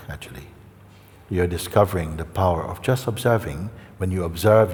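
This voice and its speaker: A man giving a satsang talk as a spiritual teacher, gentle and unhurried, often checking in with listeners by asking questions. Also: low-pitched. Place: large meeting hall. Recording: echoey hall with faint ambience.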